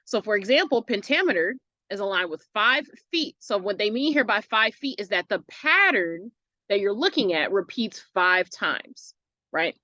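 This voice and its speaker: A woman teaching an online English lesson in a casual, chatty way, often checking in with "right?" and sounding out words slowly to show where the stress falls. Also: on the high side, bright, forceful tone, no room sound, highs cut off. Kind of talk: recorded lesson walkthrough.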